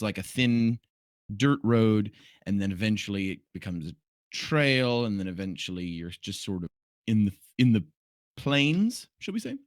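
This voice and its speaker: A game master narrating a tabletop game in an unhurried, playful, descriptive way. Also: mid-range voice, no room sound.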